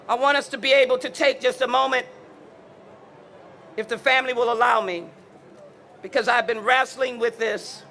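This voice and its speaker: A man, a lawmaker, giving a measured, solemn speech at a memorial and closing in prayer. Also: very high-pitched, bright, forceful tone, slight background noise.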